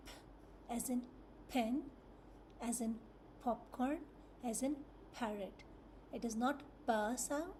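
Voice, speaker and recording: A woman teaching phonics to young children, slowly and patiently, repeating each letter sound several times. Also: a little high, dark tone, slight background noise.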